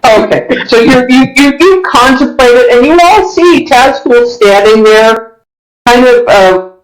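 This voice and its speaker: A dungeon master narrates a tabletop role-playing session at a middling pitch. The telling is descriptive and loose, full of small restarts as the scene unfolds. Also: expressive, measured pace, low-quality recording.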